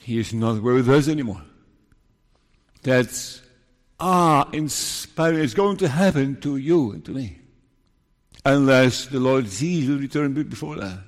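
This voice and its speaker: Male preacher, sermon, slow deliberate delivery with hushed solemn turns, reverberant hall. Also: mid-range voice, expressive.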